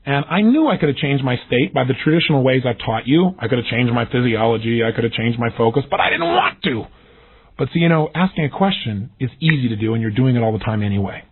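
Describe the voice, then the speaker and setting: A man's voice: mid-range voice, animated, fast talker, hardly any pauses, breathy edge. A man giving an emphatic motivational seminar talk, acting out the questions he quotes. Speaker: motivational speaker. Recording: tinny lo-fi audio recording.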